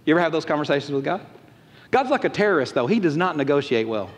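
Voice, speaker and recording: A pastor preaching a folksy, animated sermon and acting out quotes. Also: male voice, fairly high pitch, fast. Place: church auditorium. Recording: long reverb of a large church hall.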